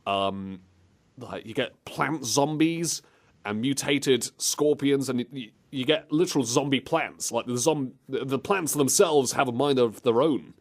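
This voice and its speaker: A man's voice: medium pitch, a little slow. A man hosting a comedic chat, joking and laughing often as he reacts to clips. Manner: jokey, laughs often, slips into silly voices. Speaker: show host.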